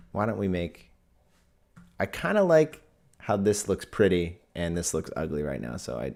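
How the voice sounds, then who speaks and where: A man's voice: deep voice, creaky, a little mellow. A man hosting a live video editing tutorial, talking casually and thinking aloud as he works.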